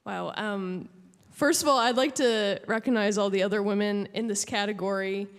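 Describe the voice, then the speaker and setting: A woman from Alberta giving an emotional award acceptance speech from a stage, halting with many fillers and restarts. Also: medium pitch, fairly even intonation, clean tone. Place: large hall at an awards show. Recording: long hall reverb.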